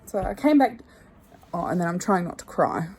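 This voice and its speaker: A young woman in her twenties chatting to her phone camera, rambling and candid, often trailing off quietly. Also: lowish voice, animated, normal speed, husky. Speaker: vlogger. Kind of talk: casual chat to camera. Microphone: phone held at arm's length.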